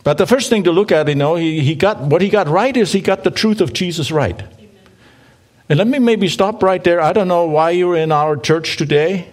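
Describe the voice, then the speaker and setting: A man preaching in a church, his voice sitting a little high for a man. He reads scripture aloud and pauses so the congregation can join in. His delivery is conversational, with playful asides to the listeners. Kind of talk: sermon.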